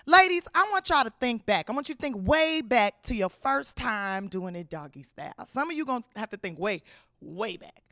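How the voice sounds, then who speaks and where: A woman doing a stand-up routine, telling a story in a loud, brash, slangy way, with crude jokes and rapid repeated lines, on a handheld stage mic. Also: a little high, dry recording, studio quality. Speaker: stand-up comedian.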